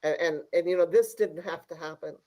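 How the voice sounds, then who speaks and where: A school district leader speaking at a virtual board meeting in a measured, hesitant way with many fillers, over a video call. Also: mid-range voice, a little mellow, low-quality recording.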